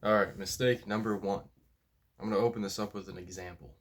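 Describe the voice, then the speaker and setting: Male powerlifting coach, lowish voice, blunt and profane, casual talking-head delivery. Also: fairly even intonation, fairly quick, over music.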